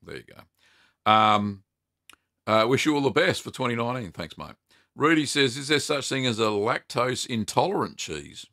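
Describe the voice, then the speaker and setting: A man's voice: mid-range voice, big pitch swings, moderate pace, creaky, sharp tone, no echo, clean studio sound. A middle-aged man, hosting a casual live Q&A and reading chat questions aloud in an upbeat, chatty way with lots of ums and easy laughs. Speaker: cheese-making livestream host.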